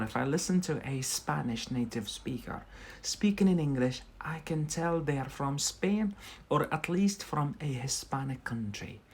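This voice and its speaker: Male English teacher, live-stream lesson, relaxed and conversational, checks in with viewers. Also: medium pitch, slight background noise. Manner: chatty, often checks in with a questioning "yeah?". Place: in Scotland.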